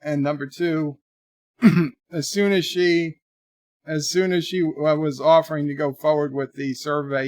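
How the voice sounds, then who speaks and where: A man's voice: mid-range voice, no echo, clean studio sound. A man in his forties hosting a livestream, chatting casually and reading viewer messages aloud in a lifted voice. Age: 40s. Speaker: livestream host. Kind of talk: casual live commentary, reading viewer chats.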